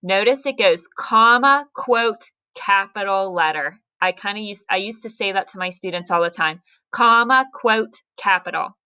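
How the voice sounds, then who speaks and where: A woman's voice: mid-range voice, normal speed, pushed and bright, clear, resonant tone. A woman teacher giving a recorded grammar lesson, carefully spelling out punctuation step by step.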